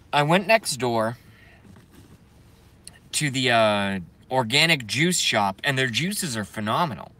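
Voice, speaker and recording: A man's voice: mid-range voice, bright, forceful tone. A young man ranting brashly and profanely on a live stream while reading viewer comments.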